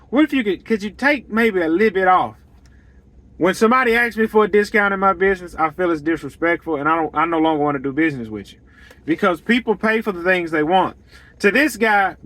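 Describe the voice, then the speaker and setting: A man's voice: on the high side, bright, forceful tone. A man who runs a lawn care business, giving blunt, emphatic advice on pricing and repeating his points to drive them home. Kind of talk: straight-talking business advice monologue.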